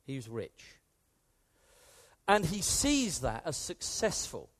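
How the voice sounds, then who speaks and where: A British man preaching a sermon with a British accent, in an animated, conversational way that swings from hushed to emphatic. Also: on the high side, slow. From Britain.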